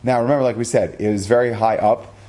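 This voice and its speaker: A man's voice: medium pitch, fairly even intonation, fast, warm tone. A man telling a religious story as a lesson, earnest, acting out the dialogue and using Hebrew terms.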